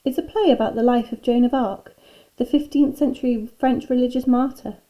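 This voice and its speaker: A woman's voice: fairly high pitch, steady tone, fairly quick, mellow, pitched above the performer's own voice, lightly acted, low-quality recording. A woman reading aloud as a prim, haughty woman teacher who adores everything French, in a children's storybook. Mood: gushing.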